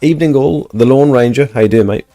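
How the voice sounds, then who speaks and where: A man's voice: mid-range voice, fast talker, mellow, no room sound. A man hosting a casual livestream, chatting and reading out viewer comments. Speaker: livestream host.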